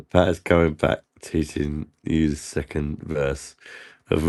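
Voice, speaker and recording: A man's voice: very deep voice, level tone, takes it slowly, a little mellow. A man drinking and joking through a casual livestream, reading comments aloud and laughing often. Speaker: livestream host.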